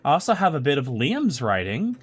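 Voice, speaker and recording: A man's voice: fairly high pitch, huge pitch swings, fairly quick, husky. A male streamer chatting loosely and swearing freely, then reading fan fiction aloud. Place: home streaming setup.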